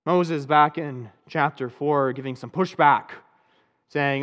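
A man delivers a sermon in a relaxed, conversational manner, with a touch of dry sarcasm. His voice sits slightly high for a man. The sound rings with a long, hall-like reverb. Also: unhurried. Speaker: pastor.

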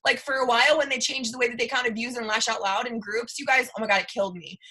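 A woman's voice: a little high, steady tone, quick pace, pushed and bright, breathy edge. A woman in her thirties talking to her team in a live video, emphatic and repetitive, often saying "you guys.". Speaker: team leader. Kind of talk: motivational live stream.

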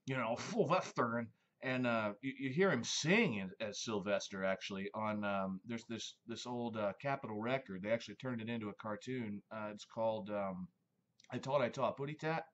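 A man's voice: on the low side, moderate pace, a bit bright, highs cut off. A man hosting a casual monologue, rambling and reminiscing with many fillers. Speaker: host.

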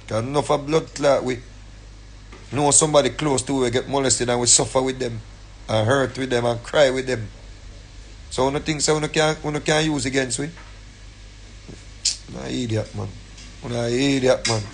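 A man's voice: medium pitch, measured pace, long pauses, slight background noise. A man with a Jamaican accent, angrily ranting on a live stream, repeating himself and preaching. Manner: angry, repetitive, preachy. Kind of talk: ranting commentary.

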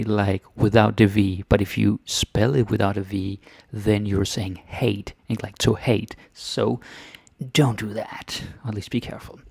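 A low, gravelly male voice with a Danish accent, explaining grammar in a chatty way. He often adds question tags and drops to a whisper for short asides. The sound is dry and close. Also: darkish tone, no echo. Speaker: Danish language teacher.

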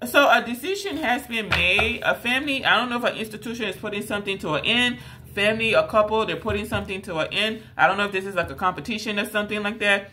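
Woman tarot reader, emphatic and repetitive, talks straight to the viewer with a bright, forceful voice. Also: mid-range voice, fast talker, hardly any pauses, a little hiss or hum. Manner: rambling, repetitive, many fillers; emphatic, addresses viewer directly. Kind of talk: casual tarot reading monologue.

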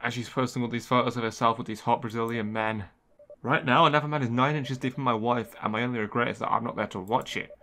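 A man's voice: medium pitch, fairly even intonation, fast, bright, forceful tone. A man streaming a game, joking and reading the on-screen text aloud with sarcastic asides. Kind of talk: game commentary.

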